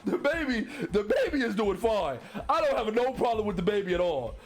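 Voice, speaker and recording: High-voiced man reading stories aloud. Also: big pitch swings, fairly quick, soft background music. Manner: loud laughter and profane riffing between readings. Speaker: streamer reacting to stories.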